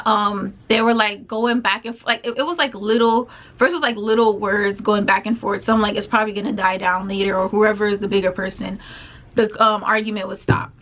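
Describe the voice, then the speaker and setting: A woman's voice: a little high, sharp tone. A young woman vlogger casually retelling a personal story, full of filler words and quoted back-and-forth exchanges. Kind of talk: storytime vlog.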